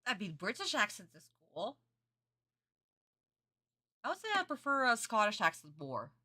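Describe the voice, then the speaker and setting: Brief: woman streamer, casual chatty reaction talk, bright crisp tone, middle pitch. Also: wildly swooping pitch, moderate pace. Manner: chatty, calls viewers darling, amused.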